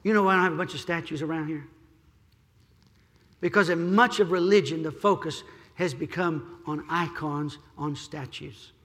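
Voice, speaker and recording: A man's voice: on the high side, moderate pace. Preaching man in a reverberant church. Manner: preaching, rising to shouts, repeats phrases. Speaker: pastor. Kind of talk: sermon. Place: church sanctuary.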